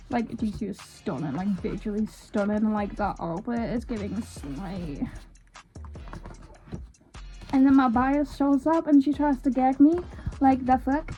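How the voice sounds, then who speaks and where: Excitable high-voiced young woman. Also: normal speed, faint music behind. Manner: excitable, chatty, swears casually. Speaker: vlogger. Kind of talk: casual unboxing vlog.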